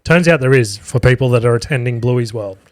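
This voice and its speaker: A young Australian man hosting a podcast, telling an animated, profane, self-mocking story from home. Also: medium pitch, brisk, no room sound. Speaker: podcast host. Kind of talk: casual storytelling chat. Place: home room with a cat.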